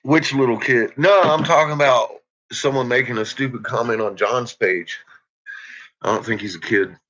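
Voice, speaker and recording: Talking loosely to his live-stream audience, a man rambles on and curses a great deal. His voice is medium-pitched and fairly bright, at a normal speed, and the recording is dull and lo-fi.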